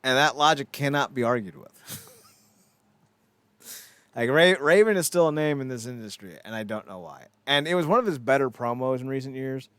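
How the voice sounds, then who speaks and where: A man's voice: mid-range voice, expressive, moderate pace, fairly bright tone, smooth, dry recording. A man co-hosting a casual wrestling news podcast, rambling and swearing, with self-mocking asides. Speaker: podcast co-host.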